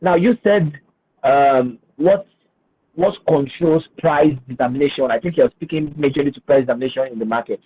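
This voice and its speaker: A man with a somewhat high voice speaks at a normal speed as a finance guest on a webinar with screen sharing. He starts out hesitant, repeating words, then explains things with emphasis. His husky voice comes through a video-call mic on a tinny, phone-like line.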